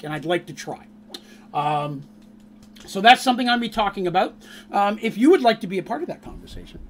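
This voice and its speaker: A man who runs a tabletop game on stream, chatting casually with his audience in an upbeat, teasing way. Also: high voice.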